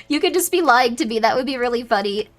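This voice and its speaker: A young woman streams a game and chats casually with her viewers, reacting aloud to the chat and muttering to herself as she plays. Her voice sits on the high side, with lively intonation and a fast pace, over soft background music.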